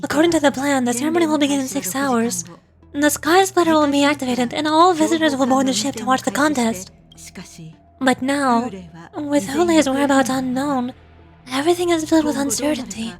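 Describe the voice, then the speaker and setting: Woman voicing concerned female commander, high pitch, earnest, faint music. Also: brisk, close to an everyday voice. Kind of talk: fan voice acting of a game script.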